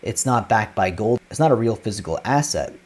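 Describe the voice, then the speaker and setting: A man hosting a reaction video, talking in a relaxed, offhand, conversational way. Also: lowish voice, a little fast. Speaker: host reacting to clips. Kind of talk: casual commentary.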